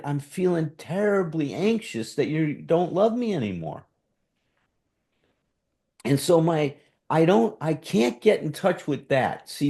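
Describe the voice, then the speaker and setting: A workshop leader teaches a relationship workshop conversationally, sometimes acting out how defensive speech sounds. His voice is medium in pitch and a little mellow.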